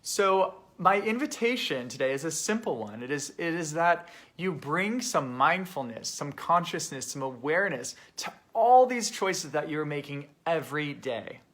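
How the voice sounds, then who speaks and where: A man with a slightly higher pitched voice talks straight to his viewers as a life coach. His delivery is earnest and reflective, and he moves through his points in a calm, motivational way. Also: moderate pace, hardly any pauses. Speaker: life coach and show host. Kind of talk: casual direct-to-camera live talk.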